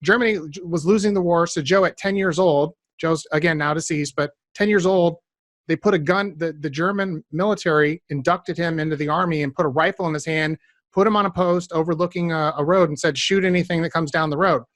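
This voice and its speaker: A man's voice: a little high, fairly quick, dry recording, clean studio sound. A man hosting a business podcast interview, telling stories and speaking directly to his listeners. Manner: animated storytelling, addresses listeners directly. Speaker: podcast host. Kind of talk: conversational interview.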